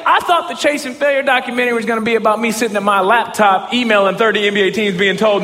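A man giving a motivational talk as a storyteller, swinging from low murmurs to excited shouts, stammering and repeating words when he gets worked up. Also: fast talker, few pauses, in a large hall. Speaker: motivational speaker.

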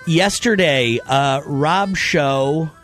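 A man who is a radio program director, explaining a scheduling problem on air in a halting way with many pauses. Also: on the high side, fairly bright tone, faint music behind. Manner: halting, lots of "uh".

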